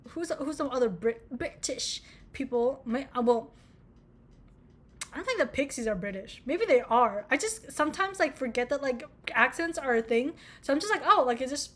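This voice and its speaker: With a high-pitched voice, lively intonation and a moderate pace, this twentysomething vlogger from the United States talks loosely about music. Her chat is rambling and profane, full of self-mockery.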